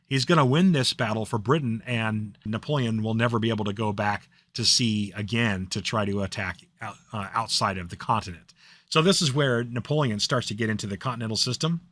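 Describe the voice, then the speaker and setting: A man's voice: on the low side, brisk, a bit bright, dry recording. A man giving a casual history lecture, chatty and loose, with lots of fillers and restarts. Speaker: history teacher.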